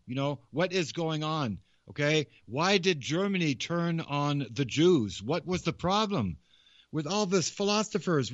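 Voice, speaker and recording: A man's voice: fairly high pitch, dry recording. A man hosting a show, giving rambling, repetitive casual commentary. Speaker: podcast host. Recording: slightly muffled, dry recording.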